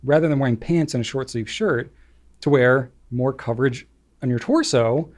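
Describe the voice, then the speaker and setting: A man's voice: medium pitch, normal speed, darkish tone. A middle-aged man co-hosting a podcast, chatting casually and rambling with lots of fillers. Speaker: podcast co-host. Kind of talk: casual chat.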